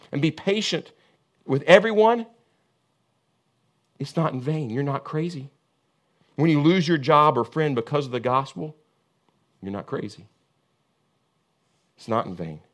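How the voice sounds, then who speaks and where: Male pastor, sermon delivery, impassioned and repetitive, wide pitch swings between booming and hushed. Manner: preaching with big swings from booming emphasis to hushed intensity.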